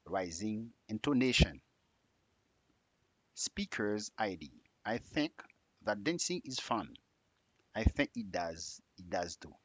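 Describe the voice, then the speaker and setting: Male English teacher, slow deliberate delivery, husky voice, dry close sound, lively exaggerated pitch on question tags. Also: no echo. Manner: drills example sentences with exaggerated rising tags. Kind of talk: slow spoken grammar lesson.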